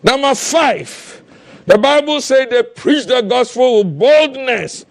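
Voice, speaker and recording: A male preacher delivers an impassioned sermon in a strikingly high voice with a rough, gravelly edge. He speaks slowly and deliberately. He keeps rising into shouted exhortations and repeated refrains. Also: lively intonation, no echo. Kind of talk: fiery sermon.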